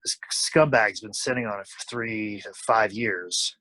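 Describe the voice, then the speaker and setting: Animated man telling a story. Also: fairly low pitch, measured pace, no room sound, rough recording. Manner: animated, acts out quoted lines. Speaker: interview guest. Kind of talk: casual storytelling.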